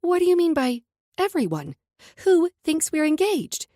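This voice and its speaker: A fiery young heroine, sharp-tongued and quick to blow up, as a woman narrator puts her on. Her voice leaps around, loud and biting. It is read close to the mic in a dry studio. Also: very high voice, big pitch swings, dry recording, voice pushed up, heavily acted. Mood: outraged.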